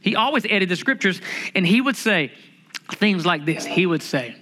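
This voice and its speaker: A man preaching a sermon, lively and humorous, stretching out key phrases for emphasis. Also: high-pitched, normal speed, slight background noise. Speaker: pastor.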